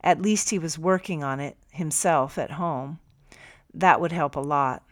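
Woman calmly narrating an audiobook. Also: sits low, no room sound, clean studio sound. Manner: calm, measured storytelling. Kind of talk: first-person audiobook narration.

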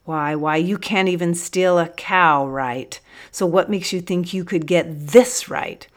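A woman's voice: lowish voice, unhurried, close to an everyday voice. A woman voicing a scornful, bullying male police sergeant who blusters at a prisoner.

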